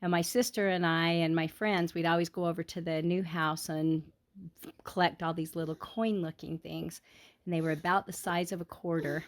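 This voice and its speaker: Woman telling a story from when she was little, sincere and heartfelt, kinda low voice, takes her time. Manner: earnest, heartfelt, unhurried. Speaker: parent telling a childhood story in a family lesson. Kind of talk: personal storytelling.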